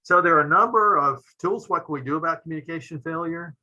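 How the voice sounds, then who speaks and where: A middle-aged man, a pediatric intensivist, giving a measured medical lecture with frequent "uh" fillers and phrases that trail off quietly. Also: a little high, lo-fi sound.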